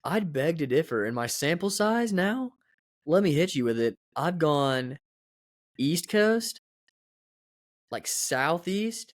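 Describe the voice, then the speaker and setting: A man's voice: a little high, very animated, slow pace, pauses often, dry recording. Rambling, chatty young male podcaster, dry sound. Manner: rambling, chatty, self-mocking. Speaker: podcast host. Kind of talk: casual solo podcast chat.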